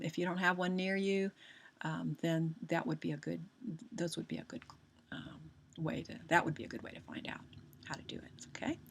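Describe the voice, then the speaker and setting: A woman's voice: fairly low pitch, gravelly, breathy edge. A woman teaching a recorded lesson, patient and chatty, often repeating herself and restarting sentences as she explains.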